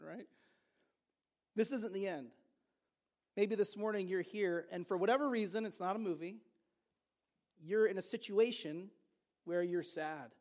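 A man's voice: sits high, a little mellow. A man preaching a sermon as pastor, with conversational storytelling and joking asides. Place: church service.

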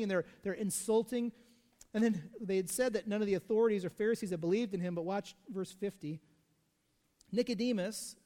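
A male pastor preaches in a relaxed, conversational way, tossing in asides and rhetorical questions. His voice sits high, and it rings out with a long hall reverb. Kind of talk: sermon.

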